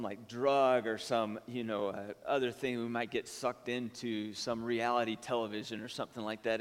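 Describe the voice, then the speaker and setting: A pastor in his thirties talks his congregation through a personal story at a mid-range pitch. He speaks loosely, with fillers and restarts. The sound carries a long reverb from the hall around him. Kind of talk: sermon.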